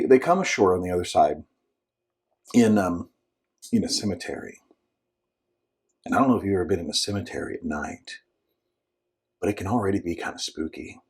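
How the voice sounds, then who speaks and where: A lower-voiced man with a slightly husky tone gives a relaxed devotional talk as a church minister. He tells the story in a chatty way, with restarts and asides, and sometimes drops to a whisper or bursts into a shout to act out the voices. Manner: frequent restarts and filler asides. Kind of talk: informal short devotional talk.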